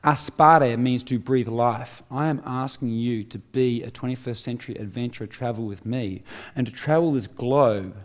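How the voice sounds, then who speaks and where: This middle-aged Australian man speaks in a mid-range voice at a normal speed, giving a live motivational talk on stage to an audience. Rhetorical questions and forceful repetition carry his message.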